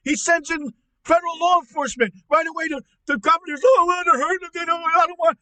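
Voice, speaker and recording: A man playing an angry middle-aged uncle in a comedy podcast, ranting loudly, swearing and stammering. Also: very high voice, steady tone, fast, no echo. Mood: furious ranting. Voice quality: shouty, profane, stammering. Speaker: podcast co-host. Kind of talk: comedic rant.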